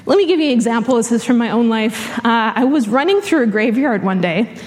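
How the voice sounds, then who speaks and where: Animated woman preaching in a reverberant hall. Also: a little high, a little fast. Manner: animated storytelling with frequent laughs. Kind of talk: sermon. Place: church hall.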